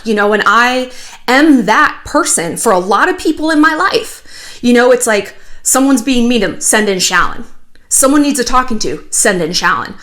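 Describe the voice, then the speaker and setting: A woman in her thirties hosting a casual commentary vlog, chatty and animated with sarcastic asides. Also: on the high side. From United States. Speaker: YouTube commentary host.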